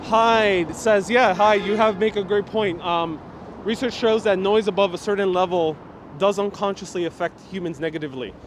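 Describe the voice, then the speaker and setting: A man's voice: sits high, normal speed. A young man with a New York accent hosting a live stream while walking a city street, joking and reading out viewer comments. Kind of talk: casual live-stream chat. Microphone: wireless clip-on mic. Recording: loud street traffic behind.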